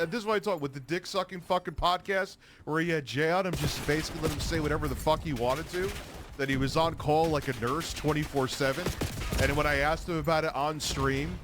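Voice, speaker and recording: A man's voice: a little high, steady tone, a little fast. A man streaming a profane reaction, mocking and sarcastic, swearing freely. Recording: noisy stream capture.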